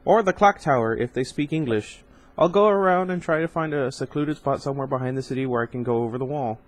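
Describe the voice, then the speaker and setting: A man's voice: mid-range voice, quick pace, close to an everyday voice. Man reading as an urgent young vampire woman. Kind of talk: audiobook reading.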